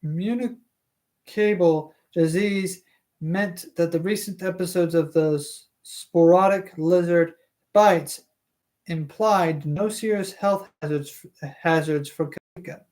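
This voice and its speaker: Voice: mid-range voice, takes it slowly, a little mellow. A streamer reading a novel aloud live, tripping over hard words, correcting themselves, and breaking off for chatty asides.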